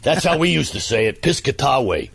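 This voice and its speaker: A man's voice: on the high side, big pitch swings, normal speed, vocal fry, a bit bright, husky, voice pushed up, exaggerated voice. A man playing a blustery, joking camp sergeant with a New Jersey accent in a comedy radio bit. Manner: jokey, blustery storyteller.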